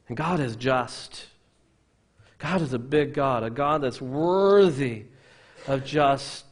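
Man preaching a sermon in church. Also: mid-range voice. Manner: emphatic preaching, swinging between loud stresses and quiet asides. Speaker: pastor. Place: church building, from a pulpit.

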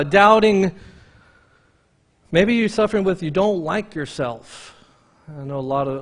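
A man preaching a sermon in an earnest, repetitive style that rises into fervent urging. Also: a little high.

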